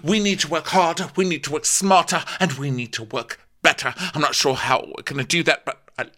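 A man's voice: fairly high pitch, steady tone, a little fast, sharp tone, pitched above the performer's own voice. A man putting on the voice of an anxious male yacht chef who swings between boasting and panic. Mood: melodramatic.

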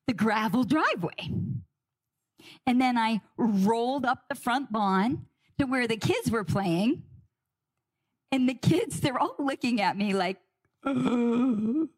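A middle-aged woman telling a personal story with dramatic pauses and emotion. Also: a little high. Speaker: guest speaker.

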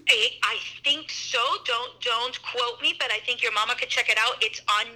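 A woman who works as a voice actor and dancer, chatting casually as a podcast guest. She is animated and expressive and drops in Spanish words. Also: on the high side, normal speed, poor audio. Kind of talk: casual interview chat.

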